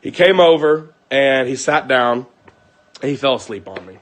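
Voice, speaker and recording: With lively intonation at a moderate pace, the young man's mid-range voice carries his angry account of the fight at home. He curses and reenacts quoted lines for viewers, over a slight hiss or hum.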